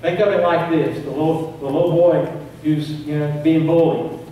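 A man's voice: on the high side, steady tone, normal speed, dark tone. A man, preaching a sermon as pastor, building emphasis with repeated phrases. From East Tennessee. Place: church sanctuary. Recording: very echoey church, distant mic, faint noise.

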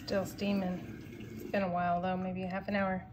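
Female home vlogger, casual and chatty with fillers, slightly low voice, noisy kitchen recording. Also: flat delivery, brisk. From California, USA. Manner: chatty, rambling, lots of fillers. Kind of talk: casual home cleaning vlog.

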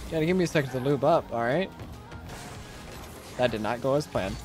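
A man streaming a game, chatting casually with rambling restarts and sudden excited outbursts. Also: high voice, moderate pace, long pauses, faint music behind. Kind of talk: casual live-stream gaming commentary.

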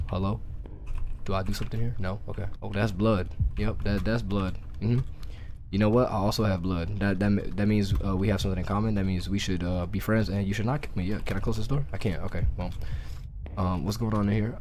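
A young man with a hoarse, sore throat, talking to his chat through a cheap USB mic at home as he plays a horror game, jumpy and cursing at the scares. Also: lowish voice, darkish tone, a little hiss or hum. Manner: jumpy, talks to himself and chat, yelps and cusses at scares. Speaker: gaming streamer. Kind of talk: horror game let's play commentary.

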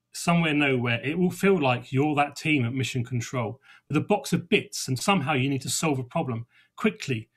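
Middle-aged man, husky, mid-pitched, chatty podcast host with dry wit. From England. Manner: conversational, with small restarts and dry humour. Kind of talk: reflective first-person talk.

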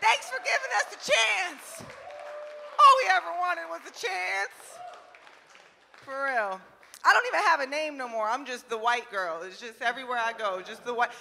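Brash young woman comic, high bright voice, loud and profane, club reverb. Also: animated, moderate pace, creaky, some chatter behind, slight background noise. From New Jersey. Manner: brash, profane and loud, laughing at her own jokes. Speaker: stand-up comedian. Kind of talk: stand-up comedy set. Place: comedy club stage.

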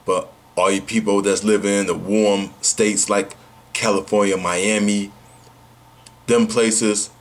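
A man's voice: fairly low pitch, level tone, takes it slowly. A man talking to camera in a casual vlog, brash and slangy, repeating rhetorical questions. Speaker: vlogger.

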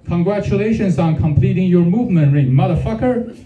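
A man's voice: sits high, a little fast, dark tone, echoey room, highs cut off, natural voice. A man voicing a bossy male smartwatch assistant that swears while it cheers him on and gives orders. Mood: cheering. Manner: chirpy, swearing praise and orders.

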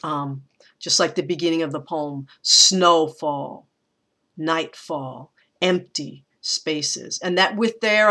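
A teacher with a bright, clear-edged voice talks through a poem's meter in a relaxed recorded lecture. Lines of verse are read slowly, with the stressed beats leaned on. Between the readings the explanation thinks aloud and restarts now and then. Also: mid-range voice. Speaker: college English teacher.

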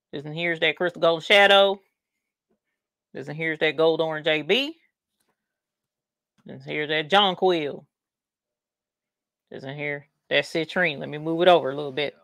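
Woman, Southern US accent, folksy livestream chatter, bright forceful tone, dry close sound. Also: deep voice, creaky, dry recording. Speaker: livestream craft host. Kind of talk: casual livestream chat.

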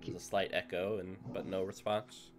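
A man acting as game master, narrating a tabletop horror game in an unhurried way with many pauses. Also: deep voice, little pitch movement, faint music behind. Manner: unhurried scene-setting with frequent "uh" pauses.

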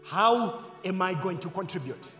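A man preaching a sermon as pastor, leading call-and-response and swinging between loud shouts and quiet asides. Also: high voice, lively intonation, measured pace, soft background music. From Zambia. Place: church hall. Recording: echoey church hall.

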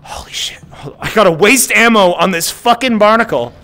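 A male streamer narrating his gameplay in casual, profane chatter. His voice runs a little higher than most men's and swings widely in pitch as he gets worked up and talks back to the game. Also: animated, brisk, bright, forceful tone.

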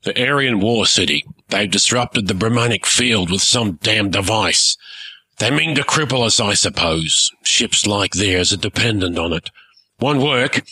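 A man voicing a gruff, blustering pirate airship captain who barks orders. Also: fairly low pitch, sharp tone, dry recording.

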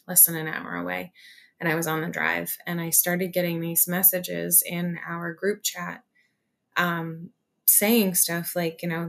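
A woman's voice: lowish voice, fairly bright tone. A woman union organizer on a video-call interview, telling her story in an earnest, emotional way with many fillers and restarts.

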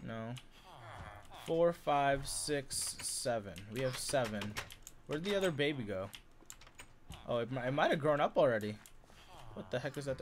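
A man's voice: medium pitch, animated, moderate pace, pauses often. A young man giving casual, rambling commentary while playing Minecraft, getting easily frustrated and yelping at mishaps. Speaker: gaming YouTuber. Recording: faint background noise and keyboard clicks.

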